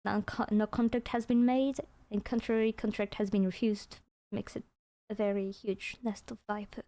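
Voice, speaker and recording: A woman content creator making a public apology, hesitant and halting, saying sorry again and again. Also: mid-range voice, flat delivery, warm tone. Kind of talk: apologetic stream statement.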